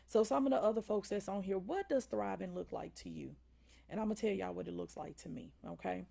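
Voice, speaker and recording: A woman with a Southern drawl hosts a faith-based motivational livestream, her mid-range voice animated, a little fast, creaky and dark in tone. She preaches at her viewers, repeatedly asking "right?" and calling them "y'all."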